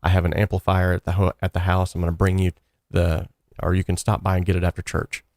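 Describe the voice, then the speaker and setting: Deep-voiced man telling a story. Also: fast, dry recording, clean studio sound. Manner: animated storyteller, voices quoted people. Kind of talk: personal storytelling.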